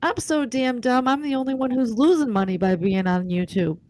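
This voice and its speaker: A woman's voice: high-pitched, brisk, a little mellow, slight background noise. A woman from the northern US, a chatty, self-mocking panelist on a livestream video call. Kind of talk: casual livestream panel chat.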